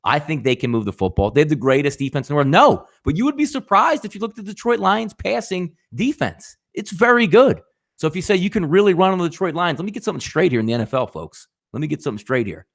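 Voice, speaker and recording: A man's voice: a little high, sing-song, fast. A man hosting a live sports betting show, talking animatedly with rhetorical questions and addressing viewers as folks.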